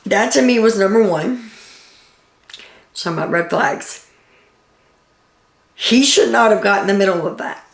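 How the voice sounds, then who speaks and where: A woman's voice: mid-range voice, animated, measured pace, vocal fry, long pauses. A woman recapping a reality TV episode in casual, chatty storytelling, with an occasional "um" as she relays quotes. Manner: chatty storytelling, reads out quotes with filler ums. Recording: echoey room.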